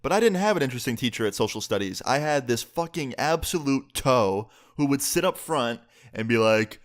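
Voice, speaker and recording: A young man telling a profane storytime about school, with sudden jumps in pitch. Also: animated, brisk, hardly any pauses. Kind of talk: casual storytime.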